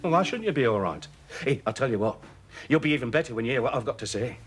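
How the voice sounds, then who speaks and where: A man's voice: mid-range voice, lively intonation, fast talker, natural voice. An actor playing a jokey, chatty man courting a woman in a television soap, cajoling and cheerful. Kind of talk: 1980s television soap acting.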